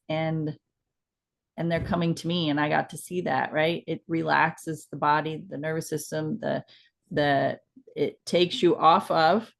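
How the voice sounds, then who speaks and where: A middle-aged woman co-hosting a casual chat, talking in a relaxed, rambling way with many fillers. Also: deep voice, vocal fry. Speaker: co-host.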